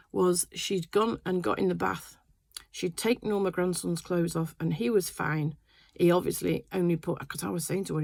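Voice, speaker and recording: A woman's voice: fairly low pitch, creaky, a little mellow, dry recording. An older woman chatting casually in her sewing room, telling a rambling family story full of fillers. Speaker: quilting vlogger. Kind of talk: casual chat.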